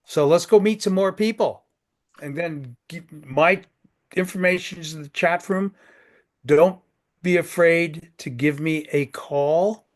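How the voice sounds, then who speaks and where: A man's voice: a little high, measured pace. A man in his sixties hosting a networking group on a video call, folksy and joking, often repeating his words.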